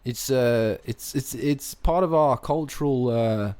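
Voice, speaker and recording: A man's voice: medium pitch, a little slow, darkish tone, close to an everyday voice. Brief: man doing a cocky Australian paintball guy, mock Aussie accent, boastful. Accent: put-on Australian. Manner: boastful, says "mate" constantly. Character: brash male Australian paintball manufacturer "Dingo".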